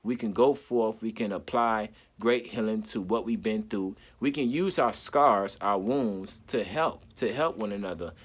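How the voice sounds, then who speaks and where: A man vlogging an impassioned solo monologue to camera, fervent, repeating words in quick bursts as he talks. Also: on the low side.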